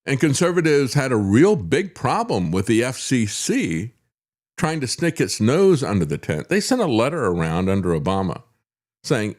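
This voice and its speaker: A man's voice: medium pitch, big pitch swings, moderate pace, a little mellow. An older man hosting a talk show, giving a sarcastic political monologue with chuckling asides and frequent "uh" fillers. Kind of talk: opinionated political commentary monologue.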